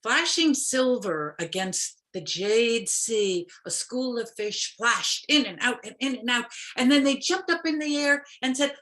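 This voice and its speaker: A woman's voice: a little high, expressive, measured pace, few pauses, fairly bright tone. A woman storyteller telling a folk tale expressively over a video call, with playful sound effects.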